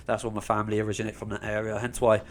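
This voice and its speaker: A man's voice: lowish voice, completely flat delivery, rapid-fire, a little hiss or hum. A young man from England with a North London accent, hosting a casual Q&A vlog in a chatty, rambling way, full of ums and restarts. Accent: North London English. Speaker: YouTube channel host.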